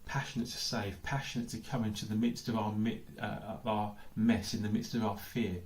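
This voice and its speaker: This English pastor has a lowish voice with little pitch movement and talks a little fast. Giving a sermon in an echoey church hall, he reasons out loud, posing plenty of questions and saying "I don't know" again and again.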